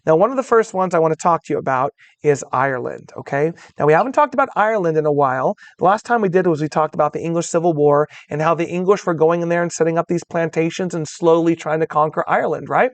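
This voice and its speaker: A man's voice: on the high side, fast talker, few pauses, no room sound. Upbeat male history teacher, dry close mic. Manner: conversational, addresses students as guys, checks in with all right; acts out voices of historical groups in quotes. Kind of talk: recorded classroom lecture.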